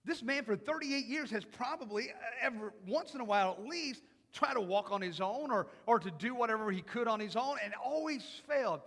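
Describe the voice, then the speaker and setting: A man preaching a sermon in a church, acting out imagined voices and rising into loud, emphatic passages. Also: very high voice, animated, brisk, hardly any pauses. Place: church sanctuary. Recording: long hall reverb.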